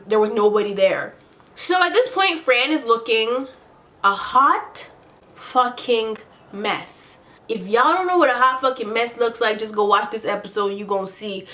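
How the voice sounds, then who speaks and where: Brief: woman vlogger, slightly high voice, sassy profane gossip recap while doing makeup at home. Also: a little slow, bright, forceful tone. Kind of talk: casual makeup-tutorial chat.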